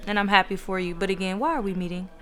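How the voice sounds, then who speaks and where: A woman's voice: medium pitch, fast, fairly bright tone, lightly acted. An actress playing a blunt, no-nonsense woman facing her ex-husband. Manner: curt, blunt, cutting. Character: sharp no-nonsense woman, custody fight with ex, 30s.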